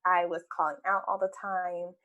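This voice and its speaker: A woman's voice: lowish voice, level tone, moderate pace, fairly bright tone, lo-fi sound. A woman appearing as an interview guest, an entrepreneur telling her story in an open, earnest way. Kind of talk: conversational interview.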